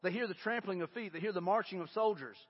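A man preaching a sermon as pastor, telling the story in a casual, animated way and reading scripture aloud. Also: high voice, fast, breathy edge, big-room sound, muffled recording.

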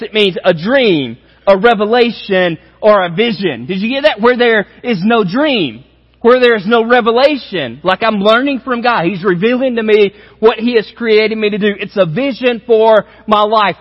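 A man preaching a sermon as pastor, speaking directly and emphatically to his congregation. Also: high voice. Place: church auditorium. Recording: dull sound with long hall reverb.

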